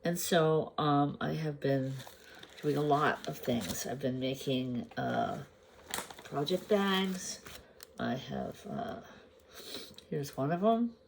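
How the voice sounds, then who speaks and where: A woman crafting vlogger chatting casually to the camera. She shows her projects at an unhurried pace, pausing to gather her thoughts and sometimes asking the viewers questions. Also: sits low, vocal fry, slight background noise. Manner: unhurried, chatty, meandering with pauses. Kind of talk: casual show-and-tell chat to camera.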